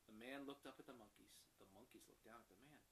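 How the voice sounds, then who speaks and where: A father reading a picture book aloud to his young daughter, animated and stopping to explain words. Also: medium pitch, quick pace, vocal fry, poor audio.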